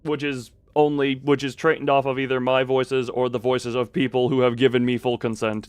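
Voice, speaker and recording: A man's voice: mid-range voice, level tone, normal speed, clean tone, dry recording. A man streaming a game live, joking and rambling as he reacts to his chat, on a close desk microphone.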